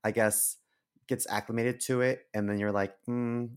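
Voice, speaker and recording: A man's voice: medium pitch, little pitch movement, moderate pace, clean tone. A man co-hosting a podcast, chatting casually and candidly over a remote call, full of fillers and restarts. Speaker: podcast co-host. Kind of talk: casual chat.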